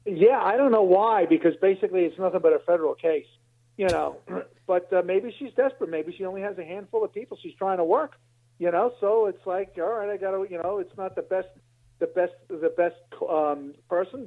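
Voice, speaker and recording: A man's voice: sits high, a little fast. A man co-hosting a podcast, talking in a rambling way full of "you know", over a tinny, phone-like line. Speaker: podcast co-host. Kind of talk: casual chat.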